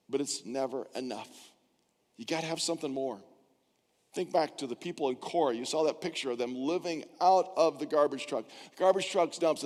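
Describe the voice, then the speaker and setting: Older pastor preaching in a reverberant church. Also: male voice, fairly high pitch. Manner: conversational, acts out quoted inner voices. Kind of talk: sermon. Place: church sanctuary. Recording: church hall with long reverb.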